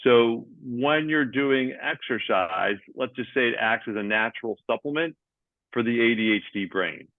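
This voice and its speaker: A man's voice: medium pitch, expressive, normal speed, dry recording, narrow, tinny audio. A man, a sports coaching manager as guest, explaining step by step with many hesitant ums. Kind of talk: explanatory interview answers.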